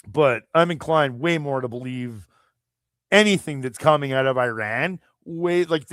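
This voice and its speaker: A man from Canada rants on his live chat stream, swearing hard and rambling from point to point. His voice sits a bit higher than most men's, and the sound is dry and close, with no room echo. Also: fairly bright tone. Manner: profane, heated, rambling. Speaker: livestream host. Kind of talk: angry political rant.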